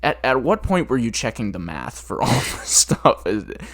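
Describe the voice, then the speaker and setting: A man's voice: medium pitch, very animated, normal speed, a bit bright. A jet-lagged man co-hosting a casual podcast, rambling and amused as he retells scenes from a bad movie with lots of restarts. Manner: rambling, amused, full of restarts and quoted lines. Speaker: podcast co-host.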